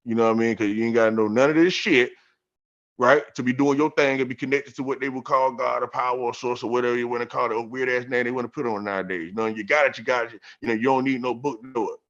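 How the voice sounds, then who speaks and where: A man on a podcast telling a story about scripture in a casual, profane, streetwise way, getting animated and repeating himself. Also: medium pitch, quick pace. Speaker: podcast guest. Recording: dull lo-fi sound.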